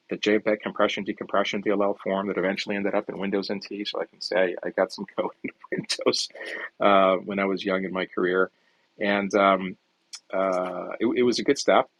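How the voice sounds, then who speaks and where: A middle-aged man with a low, gravelly, husky voice tells career stories in a loose, rambling chat. He stops and restarts often and leans on fillers, and the recording sounds dry and close. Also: fairly bright tone, no echo, muffled recording. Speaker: startup founder guest. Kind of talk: casual storytelling in an audio chat room.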